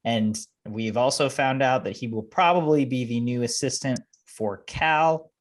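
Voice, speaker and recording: A man's voice: medium pitch, measured pace. A man hosting a casual sports panel discussion, upbeat and joking as he moves between topics and hands over to guests. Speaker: host.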